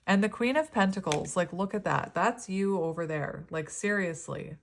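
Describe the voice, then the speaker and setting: Woman, 30s, tarot reader. Gentle, meandering, slightly low voice. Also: moderate pace, creaky, a little hiss or hum. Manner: gentle, rambling, spiritual. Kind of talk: pick-a-card tarot reading.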